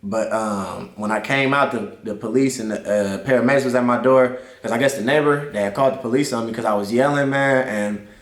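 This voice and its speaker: A man's voice: medium pitch, brisk. Young man telling a wild story, roomy sound. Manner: animated, slangy, repeats "I'm like". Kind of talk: casual storytelling. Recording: roomy echo.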